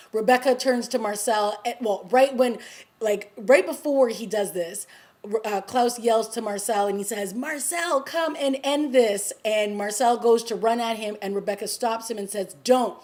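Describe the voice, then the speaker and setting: A woman recapping a TV episode in a casual vlog, excited and gushing, with lots of fillers, acting out the characters' lines. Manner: acts out quoted lines with raised pitch. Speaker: TV review vlogger.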